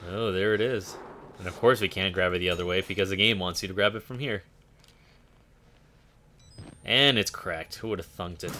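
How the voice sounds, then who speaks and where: A man's voice: deep voice, moderate pace, pauses often, sharp tone, faint music behind. A man streaming a horror game, talking casually and making sarcastic jokes as he plays. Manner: joking, sarcastic asides. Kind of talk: casual gameplay commentary.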